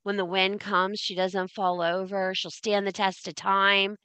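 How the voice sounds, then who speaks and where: A woman's voice: mid-range voice, little pitch movement, a little slow, sharp tone, clear, resonant tone, no echo. Blunt, swearing woman teaching a spiritual class. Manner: casual, blunt and frequently profane; emphatic, repeats phrases for effect.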